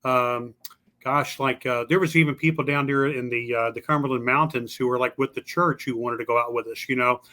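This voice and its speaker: A man's voice: medium pitch, fairly even intonation, a little fast, pushed and bright. A man telling stories as a podcast guest in a folksy, drawling way, acting out the voices of the people he met. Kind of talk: casual storytelling. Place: lives in Louisville.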